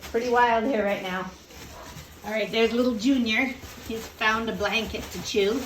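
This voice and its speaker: A woman's voice: on the high side, normal speed. A woman introducing puppies at her kennel, chatting and cooing at them in baby talk. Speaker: dog breeder filming puppies. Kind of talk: casual narration to camera. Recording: noisy kennel with dogs around. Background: puppies playing.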